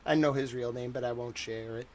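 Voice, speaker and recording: A man's voice: mid-range voice, steady tone, brisk, a little mellow. A young man hosting a livestream, chatting casually and rambling animatedly while reacting to viewer chat. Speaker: livestream host.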